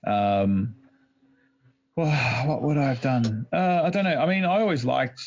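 A man's voice: mid-range voice, lively intonation, measured pace, darkish tone. A man answering a question as a podcast guest, hesitant with lots of ums. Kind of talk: casual interview answer. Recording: dull, muffled sound.

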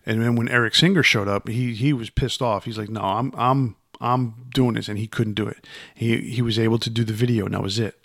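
A man co-hosting a podcast talks fast with few pauses, his lowish, slightly bright voice fairly even in intonation, in a dry, clean studio recording. He rambles through casual chat, often restarting and repeating words, and his voice climbs when he presses a point.

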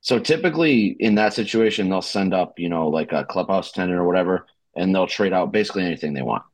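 Podcast host, man, Boston accent, deep, dry close sound, loose profane storyteller. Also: animated, fast talker, no echo. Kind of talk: casual sports podcast chat.

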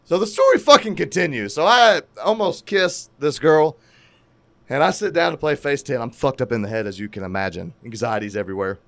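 Man, profane casual storytelling, animated delivery, dry close sound. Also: fairly high pitch, brisk, gravelly, no echo. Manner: crude, animated, laughing at his own story. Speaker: storyteller on a podcast.

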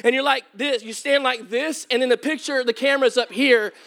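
A man's voice: extremely high pitch, brisk, vocal fry. A man preaching a sermon as pastor, telling humorous stories to his congregation. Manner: humorous, animated storytelling to a congregation. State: voice cracking at times.

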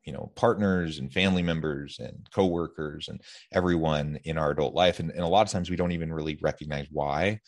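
A man hosting an interview podcast, posing a long reflective question with measured fillers. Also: rumbling low. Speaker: podcast host.

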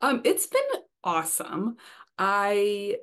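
A young adult woman, a debut romance author, chatting excitedly as a podcast guest, laughing often and filling pauses with "um" and "you know.". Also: mid-range voice. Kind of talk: casual interview chat.

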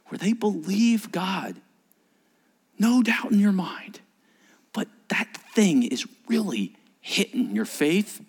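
A man preaching as pastor at a church service. His delivery is animated, swinging between emphatic points and hushed, whispered asides. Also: fairly high pitch. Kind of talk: sermon.

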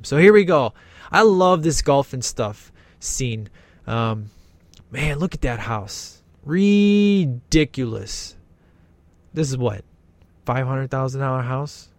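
Chatty man joking through a movie. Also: medium pitch. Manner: enthusiastic, jokey, chatty. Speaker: movie commentator. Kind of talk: casual movie commentary.

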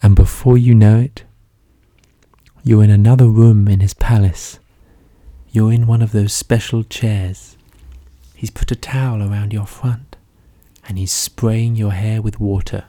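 Husky man in whispered role-play. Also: fairly low pitch, fairly even intonation, a little slow, pauses often, warm tone, dry recording.

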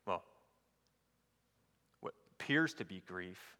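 A man's voice: mid-range voice, lively intonation, normal speed, fairly bright tone, long reverb tail. A male pastor reading scripture aloud and preaching a sermon, asking the listeners rhetorical questions.

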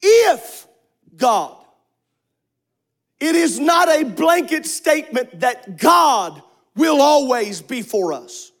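Male pastor, very high voice, slow emphatic sermon delivery with shouted peaks. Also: sing-song. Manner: preaching, rising to shouts on key words. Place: church sanctuary.

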